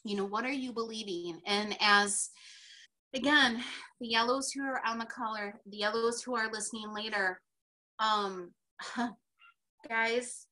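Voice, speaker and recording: A woman speaks on a video call, teary-eyed and earnest, pleading with her listeners and filling pauses with ums. Her voice is bright and tense, pushed forward with feeling. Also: medium pitch. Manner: heartfelt, pleading, frequent ums. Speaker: team member presenting convention notes. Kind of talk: emotional personal sharing on a video call.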